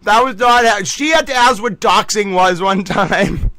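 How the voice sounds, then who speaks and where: A man's voice: sits high, unhurried, pushed and bright, dry recording. A man hosting a casual livestream, playful and mock-dramatic, often breaking into laughter. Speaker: livestream host.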